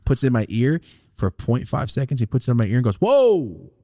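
A man's voice: mid-range voice, quick pace, dry recording, studio quality. A man hosting a podcast, chatting casually and swearing a lot, telling stories and acting out what people said. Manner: animated storytelling, swears a lot, acts out quotes. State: recovering from a sinus infection. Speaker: podcast host.

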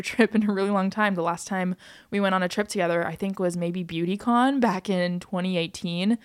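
A young American woman hosting a podcast, chatting casually and bubbly, speeding up in quick bursts with frequent laughs. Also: medium pitch, clean tone, no room sound, studio quality. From United States. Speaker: podcast host.

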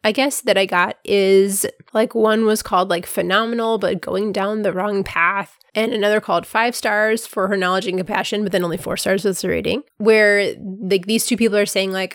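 A woman's voice: medium pitch, fairly even intonation, moderate pace, few pauses, no echo, studio quality. A woman hosting her own podcast in a casual, earnest monologue, her voice worn from being sick, filling her talk with "like" constantly. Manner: earnest, chatty, fills with "like" constantly. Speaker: podcast host.

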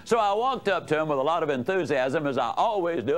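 A man delivering a motivational talk with a fairly high voice that swings widely up and down. He tells folksy, joking stories and puts questions to his listeners. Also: expressive, quick pace, few pauses, crowd noise. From United States. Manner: folksy, humorous storytelling with audience questions. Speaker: motivational speaker. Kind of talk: motivational lecture to a live audience.

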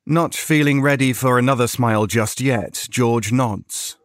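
Measured male horror story narrator. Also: mid-range voice.

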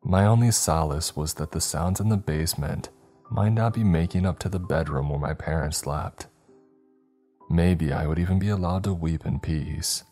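A man reading a scripted horror story as narrator in a measured, somber way. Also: sits low, warm tone, faint music behind.

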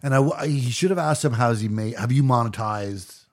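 A man in casual podcast conversation who drops wry, offhand jokes. His voice sits in a middle pitch. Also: a little fast. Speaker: podcast co-host. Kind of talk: casual chat.

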